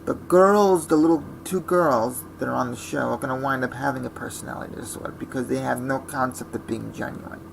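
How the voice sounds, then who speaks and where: A man's voice: mid-range voice, fairly quick, creaky, hardly any pauses, slight background noise, low-quality recording. A man ranting in a blunt, scornful vlog monologue. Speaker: vlogger.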